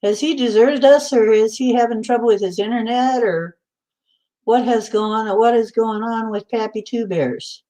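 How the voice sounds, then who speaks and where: A woman's voice: a little high, normal speed, warm tone. A middle-aged woman hosting a casual live chat, laughing often and reading out viewers' comments. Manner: giggly, laughs often, reads comments aloud. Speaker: livestream host.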